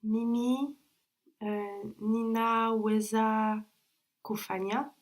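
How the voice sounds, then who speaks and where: A woman's voice: a little high, little pitch movement. A woman student answering practice questions, hesitant and trying words out. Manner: hesitant, slow, tries words out.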